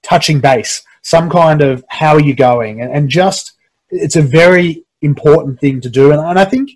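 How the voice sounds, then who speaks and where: A man hosting a casual interview on a video call, halting with many restarts. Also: a little high, darkish tone, poor audio. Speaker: podcast host.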